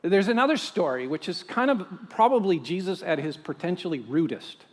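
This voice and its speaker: Aussie pastor preaching, high lively voice, big church reverb. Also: male voice, brisk. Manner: animated storytelling, rhetorical questions. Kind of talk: sermon.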